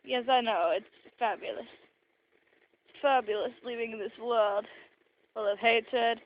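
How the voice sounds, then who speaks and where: A woman's voice: fairly high pitch, fairly even intonation, measured pace, dull audio, slight background noise. A young woman voicing her grumpy, sassy house cat in a petulant, whiny way, recorded on a phone. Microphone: phone camera.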